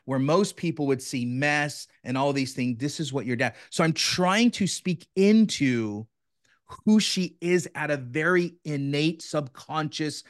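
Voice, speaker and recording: A man in his thirties, a guest on a podcast and a coach, talking in an energetic, enthusiastic way and saying "bro" often. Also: on the high side, unhurried, no echo, clean studio sound. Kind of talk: casual chat.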